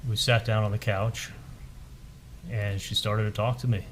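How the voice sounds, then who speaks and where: Low-voiced man testifying on the stand. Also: little pitch movement, slight background noise, poor audio. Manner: halting, repeats words, retells dialogue. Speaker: trial witness. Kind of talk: courtroom testimony. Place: courtroom.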